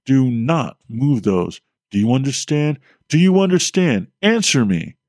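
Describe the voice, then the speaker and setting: A man's voice: medium pitch, big pitch swings, measured pace, darkish tone, no echo, studio quality. A man voicing a panicked grown man on a farm who stammers with fear and barks urgent orders. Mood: angry.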